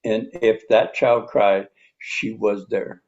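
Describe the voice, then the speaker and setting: A man in his seventies giving a reflective teaching talk, unhurried, pausing often and repeating calm self-affirmations. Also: on the low side, muffled recording. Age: 70s. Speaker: speaker on personal healing.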